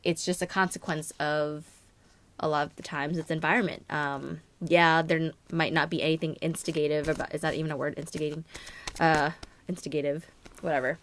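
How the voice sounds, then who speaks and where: Low-voiced chatty woman tarot reader. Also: flat delivery, a little fast. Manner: rambling, many fillers and "like". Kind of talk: casual astrology reading.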